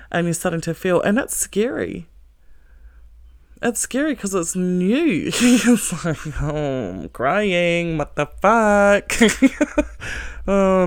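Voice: mid-range voice, dry recording, clean studio sound. A self-help speaker giving a blunt, heavily profane motivational monologue, earnest and emphatic, with short laughs.

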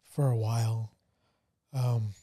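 A man co-hosting a podcast, telling a painful family story in a somber, halting way with many fillers. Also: mid-range voice, flat delivery, warm tone. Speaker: podcast co-host. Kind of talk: casual personal testimony.

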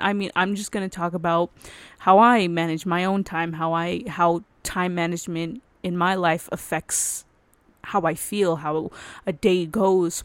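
A young adult woman hosts her solo podcast in casual chat, her voice fairly low with no room sound. She rambles, cuts herself off and laughs often.

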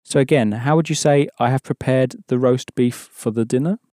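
A man's voice: mid-range voice, normal speed, dark tone, no room sound, clean studio sound. A man teaching an audio language course, patiently explaining and prompting the learner to answer.

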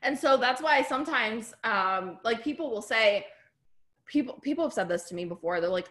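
Bubbly woman coach on a zoom call, bright voice, kinda high, talks like a friend. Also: animated, normal speed. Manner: bubbly, chatty, lots of "like" and "right?". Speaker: business coach. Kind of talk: team training on a video call. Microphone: video call.

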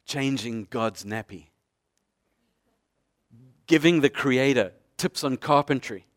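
Storytelling preacher asking rhetorical questions. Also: male voice, mid-range voice, slow pace, long pauses. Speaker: pastor. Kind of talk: sermon.

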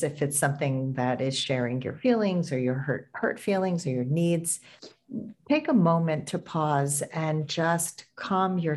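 A middle-aged woman hosting a dating podcast, talking in an earnest, emphatic way with pauses and restarts. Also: low voice, a little mellow. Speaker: podcast host and dating coach. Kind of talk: podcast intro and interview.

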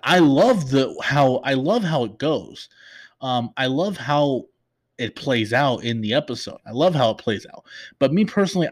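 A man's voice: medium pitch, no echo. A young man hosting a podcast, chatting through an episode recap with many fillers and restarts, openly emotional. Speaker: podcast host.

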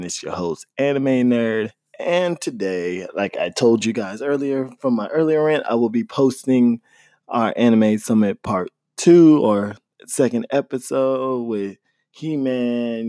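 Relaxed male host, slangy and easygoing, mellow tone, dry close mic. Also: on the low side, no room sound. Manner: laid-back, slangy hype talk. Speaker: podcast host. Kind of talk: casual podcast chat.

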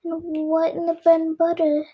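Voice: extremely high pitch, completely flat delivery, normal speed, muffled recording. A child reading as the nervous Hatter. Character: trembling nervous male hatter on trial.

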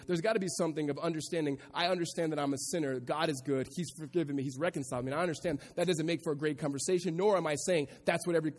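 A pastor preaching a sermon to a congregation, moving from quiet reflection to raised, emphatic delivery. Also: male voice, a little high, big-room sound. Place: church sanctuary before a congregation.

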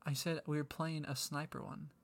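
A man's voice: fairly high pitch, flat delivery, normal speed, creaky. A man chatting casually on a podcast, rambling and interrupting himself as he tells a story. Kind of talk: casual chat.

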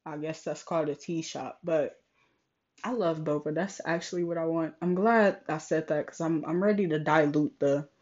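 A woman's voice: low voice, normal speed, darkish tone. A young woman venting frankly and with exasperation in a casual vlog, swearing often and animatedly retelling conversations, with a slightly sore throat. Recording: slightly dull lo-fi recording.

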